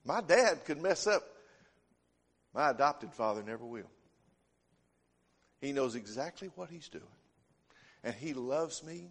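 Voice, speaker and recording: A man's voice: mid-range voice, expressive, unhurried, long pauses, a bit bright, slightly rough. A man preaching a sermon, telling homespun stories in a folksy way. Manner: folksy storytelling, homespun phrasing. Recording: long hall reverb.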